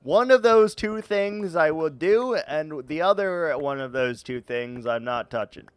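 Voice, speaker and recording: A man's voice: fairly high pitch, expressive, unhurried, smooth. A man streaming a game, chatting casually and teasing his viewers, often laughing at his own jokes. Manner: teasing, playful banter with chat. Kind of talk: casual live-stream chat while gaming.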